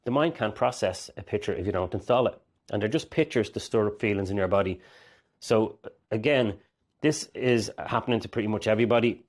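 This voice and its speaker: A man speaking as a mindset coach, earnest and rambling, often acting out inner voices. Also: medium pitch. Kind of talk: direct-to-camera coaching talk.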